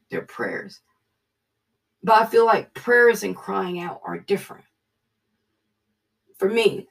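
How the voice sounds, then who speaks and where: A Bible study leader reading scripture and telling a personal testimony, earnest and halting, dropping to a hushed voice. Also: mid-range voice, gravelly, distant mic.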